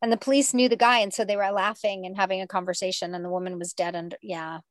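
A woman's voice: medium pitch, little pitch movement, fast talker, no room sound. Woman interviewer, chatty and dry-sounding. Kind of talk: casual interview.

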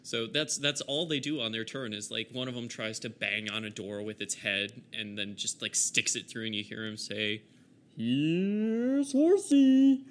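A man's voice: fairly low pitch, steady tone, normal speed, hardly any pauses, sharp tone. A man narrating as game master of a tabletop game, laughing often as he describes the scenes.

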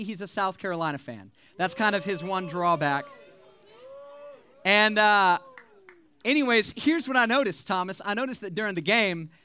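Young male youth pastor, animated and joking, high bright voice, dry close sound. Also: smooth, no echo. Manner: animated, joking, conversational preaching. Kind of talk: sermon.

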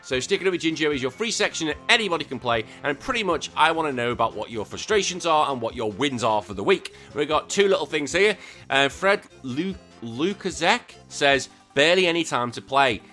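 Young male gaming podcast host, bright tone, excitable, swears a lot. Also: a little high, fairly quick, faint music behind. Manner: excitable, swears freely, trails off quietly. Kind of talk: casual gaming news chat.

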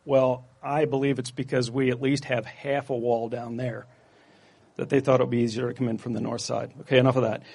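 A man's voice: medium pitch, little pitch movement, brisk, creaky, a little mellow, breathy edge. A man pastor giving a sermon in a casual, jokey, conversational manner.

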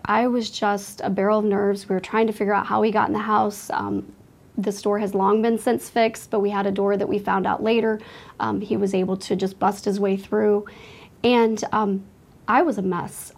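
With vocal fry in her mid-range voice, a woman shares a frightening personal experience as a testimony. She speaks earnestly and emotionally, with religious faith running through it.

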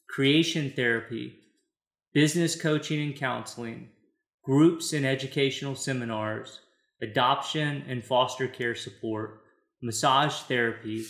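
A man's voice: mid-range voice, fairly bright tone. Friendly male host in a roomy space. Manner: friendly, reads lists methodically. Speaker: podcast host. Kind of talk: interview questions. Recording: roomy echo.

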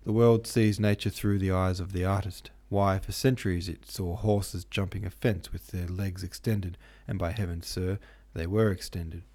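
A man's voice: low-pitched, fairly even intonation, moderate pace, few pauses, mellow. A man voicing a hot-tempered young male painter who argues vehemently. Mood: heated. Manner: vehement, declaiming.

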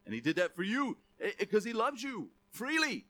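Bright, conversational male pastor. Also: sits high, wildly swooping pitch, normal speed, few pauses. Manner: conversational preaching, rising to emphatic calls. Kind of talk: sermon.

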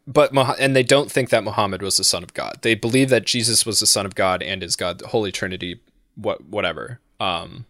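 A man's voice: on the low side, a little fast, pushed and bright, dry recording. A man chatting casually on a podcast, telling stories in a rambling, profane way with lots of fillers. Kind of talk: casual chat.

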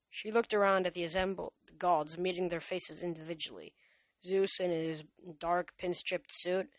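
A woman with a fairly low voice reads a storybook aloud at home. The recording is dry and close. She lifts her voice for the characters' lines. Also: dry recording. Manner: reads dialogue louder and higher than narration. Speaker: reader. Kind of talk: amateur audiobook reading.

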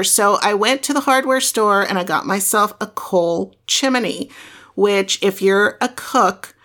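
A middle-aged woman hosting a podcast, telling casual stories in a chatty, animated way and acting out the voices she quotes. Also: medium pitch. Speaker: podcast host. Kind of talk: casual storytelling monologue.

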